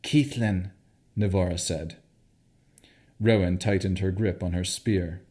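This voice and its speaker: A man narrating a fantasy audiobook in a measured, expressive way. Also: low voice, slightly rough.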